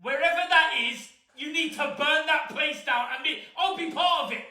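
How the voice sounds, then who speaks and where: A man reacting loudly to video clips, exclaiming and laughing. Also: very high voice, moderate pace, far from the mic. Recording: roomy and off-mic.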